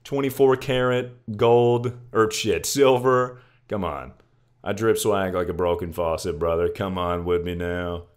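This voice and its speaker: This young man's very deep voice has a clean tone and a measured pace as he hosts a casual stream. Relaxed and joking, he swears freely and greets his chat with "dude" and "brother."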